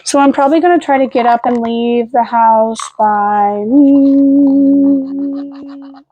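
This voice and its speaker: High-voiced young woman rambling late at night. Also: normal speed, dry recording, lo-fi sound, soft background music. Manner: rambling, swears casually, coos at her dogs. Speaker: vlogger. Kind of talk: casual late-night vlog chat. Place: home at night. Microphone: camera on a fixed stand.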